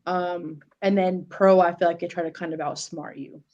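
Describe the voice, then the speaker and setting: A woman co-hosting a podcast, explaining her approach calmly with many pauses. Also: on the low side, lo-fi sound. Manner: measured, with many "um"s. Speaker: podcast co-host, flag football official. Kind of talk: casual podcast discussion.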